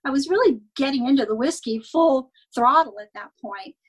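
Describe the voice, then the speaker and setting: A woman's voice: high voice, expressive, moderate pace, breathy edge, rough recording. An older woman telling personal stories in a wistful way, laughing now and then as a podcast guest. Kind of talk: storytelling in casual chat.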